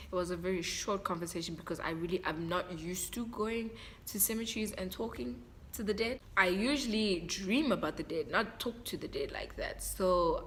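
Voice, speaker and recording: A woman's voice: mid-range voice, fairly bright tone, slight background noise. A young woman with a South African accent talking to her viewers in a casual vlog, heartfelt and chatty, often repeating herself. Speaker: vlogger. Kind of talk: casual vlog talk to camera.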